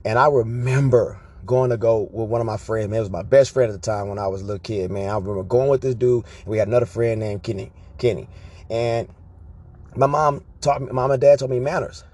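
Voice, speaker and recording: Husky man telling animated stories. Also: medium pitch, brisk, no echo. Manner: animated, profane, tag questions like "right?". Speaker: vlogger. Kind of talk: casual storytelling monologue.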